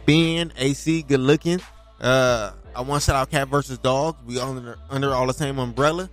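A man co-hosting a podcast, talking lively and quick, tossing off quips and shout-outs. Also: mid-range voice, soft background music. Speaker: podcast co-host. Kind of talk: casual podcast chat.

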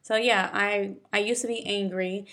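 A woman's voice: medium pitch, steady tone, normal speed, fairly bright tone. A young woman in casual chat, speaking candidly, swearing freely and laughing often.

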